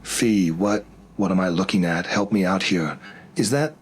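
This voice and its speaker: A man's voice: deep voice, a little slow, slight background noise. A man voicing an anxious, bewildered young man who stammers in disbelief. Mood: distressed. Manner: stammering, incredulous.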